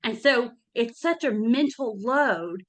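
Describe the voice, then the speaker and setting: A woman's voice: on the high side, expressive, takes it slowly. A middle-aged woman giving money advice in a casual motivational talk, earnest and emphatic, often checking in with "okay?".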